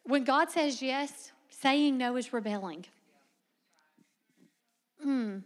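A young woman with a high, bright voice preaches a sermon with energy and humor. She drops into soft, low asides, then rises into loud, emphatic lines, laughing often along the way. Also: slow, pauses often.

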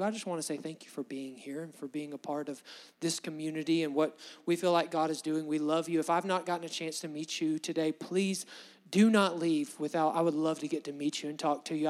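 A man preaches with passion, his voice pitched a little high. He swells loud for emphasis and then drops low. The sound carries a long reverb, as in a large hall. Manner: impassioned, rises and drops in volume for emphasis. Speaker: pastor. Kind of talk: sermon.

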